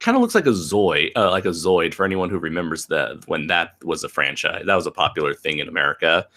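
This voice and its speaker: A man's voice: sits low, sing-song, quick pace, pushed and bright. A man hosting a casual live stream, laughing often and reading out viewer comments.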